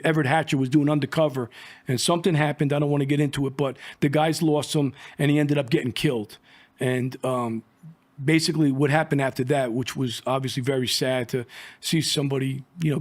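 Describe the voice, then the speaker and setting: A middle-aged man and former drug agent telling a war story in a rambling, profane, casual way, full of fillers. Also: medium pitch.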